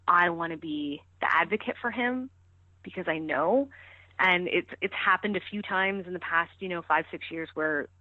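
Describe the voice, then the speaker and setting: Here a woman from Canada who coaches skiing talks as a podcast guest, her voice sitting on the low side. The interview is relaxed and freewheeling, with plenty of fillers and false starts. It comes through a thin, phone-quality line with no room sound at all.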